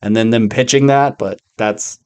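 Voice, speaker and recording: A man's voice: fairly low pitch, steady tone, normal speed, clean tone. A man co-hosting a podcast, chatting casually about movies and often agreeing with short replies. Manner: agreeable, frequent short backchannels. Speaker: podcast co-host. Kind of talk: casual movie review chat.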